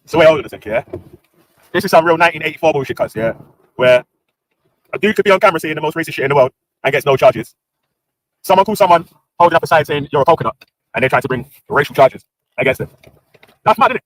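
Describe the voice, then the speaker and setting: A man's voice: on the high side, lively intonation, fast, pauses often, a little hiss or hum. A British man hosting a livestream, ranting in casual street slang with lots of banter. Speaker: livestream host.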